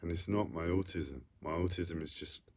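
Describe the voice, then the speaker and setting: A distressed man in an unscripted personal vlog, talking in halting, repetitive bursts with a whiny edge. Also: low voice, darkish tone. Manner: repetitive, halting, self-interrupting. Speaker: livestreamer.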